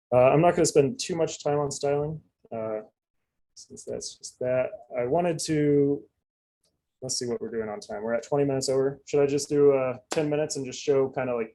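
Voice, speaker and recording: A man's voice: medium pitch, vocal fry, dark tone, poor audio. A man giving a casual live coding demonstration, chatty and loose, full of fillers and asides. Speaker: presenter.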